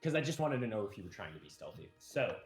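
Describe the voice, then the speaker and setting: A man running a tabletop game as game master, narrating scenes in a rambling, lively way. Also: on the low side, fast talker, faint music behind. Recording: echoey room.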